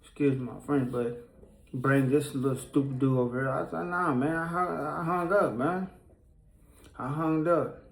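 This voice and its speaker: A man's voice: a little high, steady tone, a little slow, gravelly, reverberant, low-quality recording. Somber man telling a rambling story. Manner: rambling, heavy with fillers and restarts; somber, pained retelling of a loss. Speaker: person sharing a personal story. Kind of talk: casual spoken storytelling.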